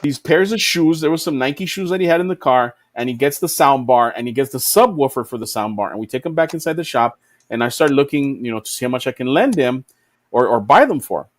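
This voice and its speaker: A man telling a story on a casual podcast over a video call, animated and swearing freely. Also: medium pitch, a little fast. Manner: animated, swears freely, voices his own disbelief. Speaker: podcast co-host.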